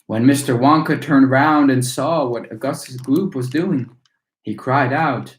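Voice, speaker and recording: A man reading a children's book aloud for storytime, in a middle pitch. His reading is steady and lively. The room around him is roomy and echoey. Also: unhurried. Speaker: storytime reader.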